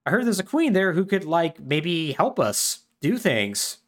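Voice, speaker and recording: A man's voice: fairly high pitch, big pitch swings, unhurried, voice pushed up. A man putting on a breezy, clueless young boy. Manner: breezy and offhand.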